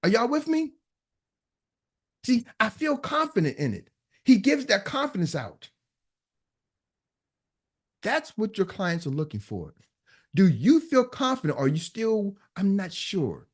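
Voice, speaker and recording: A man with a high voice speaks as a business coach to a live audience online. His pitch leaps around animatedly as he preaches, and he drives each point home by repeating it. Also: big pitch swings, measured pace, pauses often, breathy edge. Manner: emphatic, preachy, repeats punchlines.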